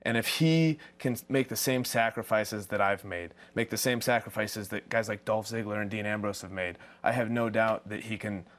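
Wrestler guy in an interview, low voice, earnest, really fired up. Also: normal speed, few pauses, a bit bright. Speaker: professional wrestler. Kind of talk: backstage interview.

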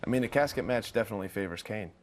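A man with a lowish voice speaks as a professional wrestler in an interview. He is earnest and fired up, pressing his points hard. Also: lively intonation, racing, slight background noise. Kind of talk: backstage interview.

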